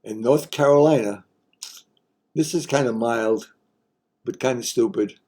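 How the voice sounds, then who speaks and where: A man's voice: medium pitch, measured pace, dark tone. An older man hosting a casual explainer, talking in a folksy, wry way with joking asides. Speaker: host.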